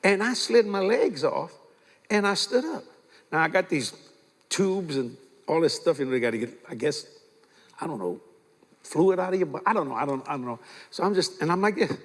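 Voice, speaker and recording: Older preacher with a lively, folksy delivery. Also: male voice, fairly high pitch, moderate pace, long pauses. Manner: animated, folksy, acts out dialogue. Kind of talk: sermon with storytelling. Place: large church. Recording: reverberant church hall.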